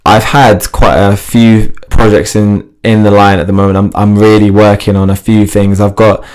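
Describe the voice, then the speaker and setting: This is a man with a somewhat low voice, talking casually as a guest on a podcast. He tells stories in an animated way, often laughing and restarting his sentences as he goes. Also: normal speed, smooth. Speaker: podcast guest, fitness TV host. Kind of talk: casual interview chat.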